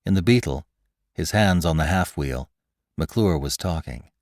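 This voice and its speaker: A man narrating a story in a dramatic, expressive reading style. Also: sits low, a little slow, no echo. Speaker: podcast host and narrator. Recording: dry close studio sound.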